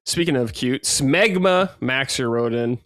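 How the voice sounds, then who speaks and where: A man's voice: mid-range voice, lively intonation, a little slow, a bit bright, dry recording. A man hosting a podcast, chatting casually with dry joking asides and reading listener mail. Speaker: podcast host. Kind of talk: casual chat.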